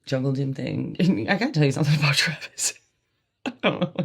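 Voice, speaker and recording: Gravelly, husky woman telling stories. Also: low-pitched, lively intonation, fairly quick. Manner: laughs often, swears casually, rambling asides. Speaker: podcast host. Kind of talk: candid personal storytelling.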